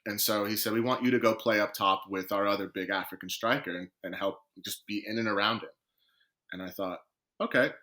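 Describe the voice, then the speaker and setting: Male podcast guest with a bright, forceful voice, animated storyteller who acts out what people said. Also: on the low side, a little fast. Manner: lively storyteller, acts out quoted conversations. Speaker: guest, professional footballer.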